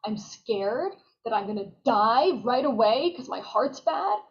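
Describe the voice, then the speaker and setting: A woman's voice: fairly high pitch, expressive, measured pace. A woman quoting a frightened patient who is anxious and tearful, on dull lo-fi audio. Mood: scared.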